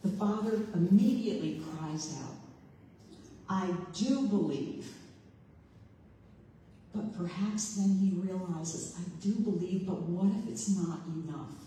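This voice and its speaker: Slow, mellow woman preaching in an echoey hall. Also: lowish voice, far from the mic, a little hiss or hum. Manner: reflective, questioning, voices the father and Jesus in quotes. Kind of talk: sermon. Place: large echoey room with a congregation.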